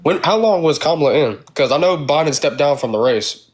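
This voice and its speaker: A man calling in for a relaxed, friendly chat with an easygoing manner. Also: fairly high pitch, a little fast, breathy edge. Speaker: caller. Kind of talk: casual chat.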